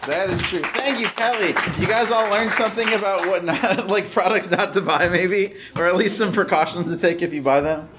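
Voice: mid-range voice, moderate pace, hardly any pauses. An upbeat host steps in after a comic's set to thank her and close out the act. The recording is noisy and sounds like a live show. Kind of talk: introducing comics on stage.

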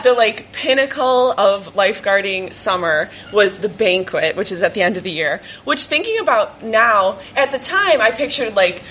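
A young adult woman telling a personal story to an audience, animated and laughing often as she acts out her family. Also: medium pitch, a little hiss or hum.

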